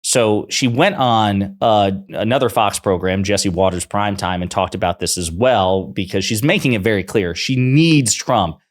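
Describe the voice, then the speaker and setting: A man's voice: fairly low pitch, normal speed, hardly any pauses. A man, a political commentator, talking through his opinions in a conversational way with fillers and restarts.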